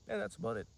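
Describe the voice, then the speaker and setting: A man's voice: a bit bright, a little hiss or hum. An 18-year-old man telling a rambling, casual story to camera, full of fillers and swearing. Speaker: vlogger.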